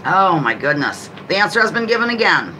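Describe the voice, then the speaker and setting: A woman hosting a live trivia game on a stream, chatting casually, greeting viewers by name and reading each question out slowly. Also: lowish voice, big pitch swings, sharp tone, a little hiss or hum, rough recording. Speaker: livestream host.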